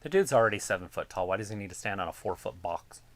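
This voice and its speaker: A woman's voice: a bass voice, lively intonation, fast. A woman co-hosting a casual live watch-along stream, making offhand remarks on the action. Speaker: stream co-host.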